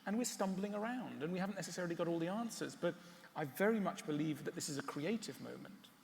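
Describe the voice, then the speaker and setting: A man giving a public talk and answering questions, wry and animated, often stopping on fillers. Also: high-pitched, fast talker, gravelly, long reverb tail, a little hiss or hum. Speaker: speaker. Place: large hall.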